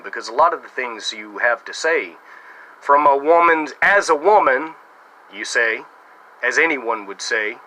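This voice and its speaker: American male YouTuber, mocking response monologue, piercing tone, very animated pitch. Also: rough recording. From United States. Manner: sarcastic and mocking. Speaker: YouTuber making a response video. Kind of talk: casual talking-to-camera monologue.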